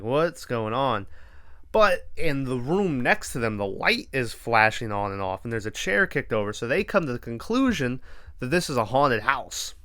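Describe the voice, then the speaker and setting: Podcast host, male, mid-pitched and smooth; rambling, easygoing recap with casual cursing. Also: sharp tone. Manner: laid-back, rambling, swears freely.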